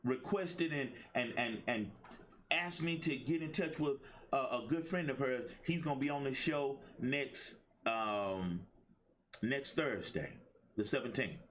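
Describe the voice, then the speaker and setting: A man's voice: mid-range voice, unhurried, a bit bright. A middle-aged man hosting a motivational livestream, talking in a preachy call-and-response style. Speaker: host and life coach.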